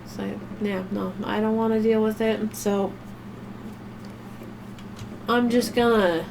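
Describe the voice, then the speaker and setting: A woman's voice: mid-range voice, steady tone, takes it slowly, gravelly, noisy background. A woman streamer chatting casually while she plays a game, rambling and swearing offhandedly. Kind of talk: casual chat while gaming.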